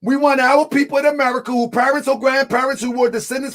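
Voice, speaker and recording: Debater: a man with a strikingly high voice, shouts his points and hammers them home with repeats. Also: fairly even intonation, quick pace, hardly any pauses. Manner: emphatic, often shouting, repeats lines for effect; addresses the audience as family. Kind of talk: heated live debate.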